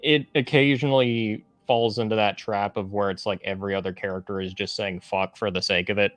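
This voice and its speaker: Measured, low-voiced man co-reviewing comics. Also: fairly even intonation, a bit bright, dry recording, soft background music. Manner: measured, thoughtful, analytical. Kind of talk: casual review chat.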